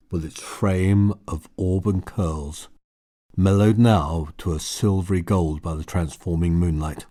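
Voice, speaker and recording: A man reading a novel aloud in measured, quiet scripted narration. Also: low voice. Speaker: audiobook narrator.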